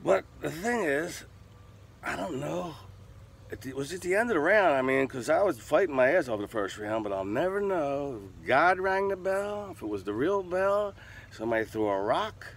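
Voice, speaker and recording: An older man telling a profane, animated story in an interview, punctuating it with sound effects. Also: a little high, normal speed, gravelly.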